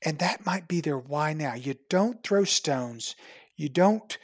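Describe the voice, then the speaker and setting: Woman dentist, animated storyteller; breathy, dry close mic. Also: sits low, takes it slowly, no room sound. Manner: animated storyteller, acts out quoted dialogue. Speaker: dentist, podcast guest. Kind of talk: casual conversation, storytelling.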